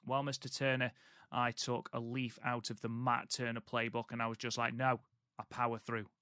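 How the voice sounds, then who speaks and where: A man's voice: medium pitch, flat delivery, moderate pace, sharp tone, dry recording, clean studio sound. Chatty man, podcast co-host. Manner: chatty, storytelling, frequent ums. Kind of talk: casual podcast chat.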